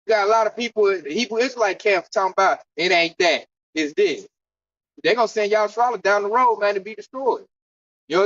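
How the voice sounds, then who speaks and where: A man with a very high, slightly bright voice delivers a fiery, slang-filled street sermon, teaching scripture to an outdoor camp gathering in a preachy manner. It's captured in a dull, dry, lo-fi recording.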